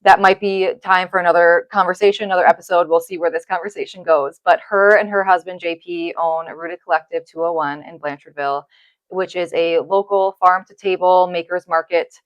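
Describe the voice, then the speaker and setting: A woman's voice: lowish voice, steady tone, brisk, dry recording. A woman hosting a podcast in an office, speaking in an effusive, gushing and emotional way. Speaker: podcast host. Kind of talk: heartfelt podcast conversation. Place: office space, indoors.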